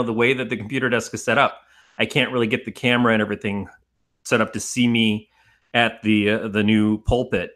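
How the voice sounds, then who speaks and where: A man with a bright, forceful voice rambles through casual podcast chat. He swears freely and laughs as he goes. His pitch sits at an ordinary middle height for a man. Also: steady tone, brisk. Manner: rambling, profane, laughs often. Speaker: podcast co-host.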